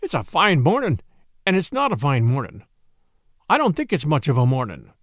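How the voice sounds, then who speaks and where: A man voicing a grave, matter-of-fact male ship's doctor who speaks quietly and earnestly. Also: fairly high pitch, wildly swooping pitch, normal speed, dry recording, studio quality. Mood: wry.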